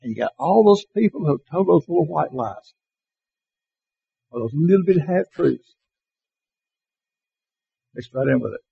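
Gravelly man teaching Bible class. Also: a little high, expressive, phone-quality sound. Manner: slow, emphatic reading of verses with questions to the class. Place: classroom or church hall with slides.

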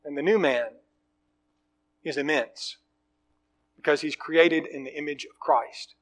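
A male preacher giving a slow, earnest, emphatic sermon. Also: fairly high pitch. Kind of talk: sermon with story reading.

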